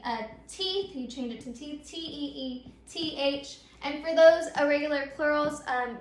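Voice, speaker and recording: A woman's voice: sits high, a bit bright. A young adult woman teaching a grammar lesson, patiently spelling words out letter by letter, with frequent um fillers. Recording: echoey room.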